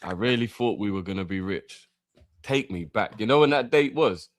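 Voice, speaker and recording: A man's voice: lowish voice, animated, moderate pace, dry recording. A young man in casual chat, teasing and laid-back. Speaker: co-host.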